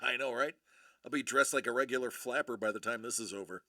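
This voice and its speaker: A man's voice: medium pitch, quick pace, bright, forceful tone, no echo, clean studio sound. A man co-hosting a live stream, chatting casually in a playful, self-mocking, theatrical way. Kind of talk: casual joking banter.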